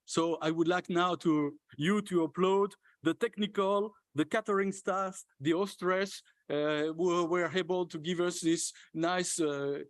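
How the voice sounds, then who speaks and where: A man giving closing remarks at a conference as its organizer, thanking everyone in a halting way with many hesitations and restarts. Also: sits high, steady tone, no room sound. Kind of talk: closing speech thanking participants. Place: conference hall stage.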